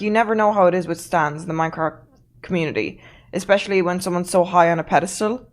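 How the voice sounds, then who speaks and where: A woman streamer telling a story in a casual, blunt way, swearing freely and with emphasis. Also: medium pitch.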